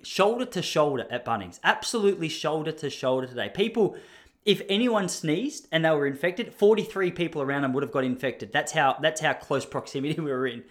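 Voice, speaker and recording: A young Australian man telling a story in a casual, mock-indignant monologue. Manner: animated, mock-indignant, jumps up high when acting out others.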